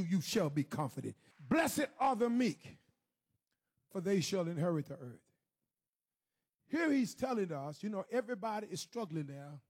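A man preaching a sermon, moving from hushed, low moaning to shouted, sing-song exhortation. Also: husky.

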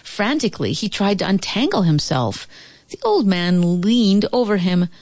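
A woman narrating a children's storybook aloud, expressive with dramatic pauses. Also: mid-range voice, dry recording.

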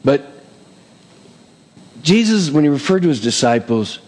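A man's voice: a little high, big pitch swings, a little slow, long pauses, darkish tone, long reverb tail, low-quality recording. A male pastor preaching a sermon in a conversational way, asking "amen?" and slipping in light humor.

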